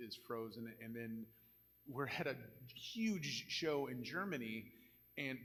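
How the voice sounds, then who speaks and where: A man's voice: medium pitch, fairly bright tone, big-room sound. An older man on a live convention panel, telling candid, joking anecdotes.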